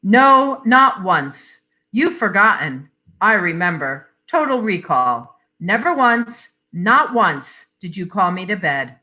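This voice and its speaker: A woman's voice: mid-range voice, big pitch swings, slow, sharp tone, exaggerated voice. A woman reading the part of an impulsive middle-aged husband who speaks in short, insistent phrases. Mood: bitter.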